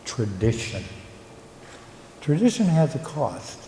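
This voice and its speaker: An older man, a local historian and retired teacher, gives a reflective conference talk, pausing with fillers as he tells stories. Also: medium pitch, big pitch swings, vocal fry, dark tone. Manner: reflective storyteller, halting with fillers. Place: conference hall. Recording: echoey hall, faint room noise.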